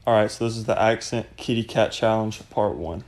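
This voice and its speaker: A man casually narrating a video of his cats, relaxed and a little hesitant. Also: fairly low pitch, brisk. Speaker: pet owner.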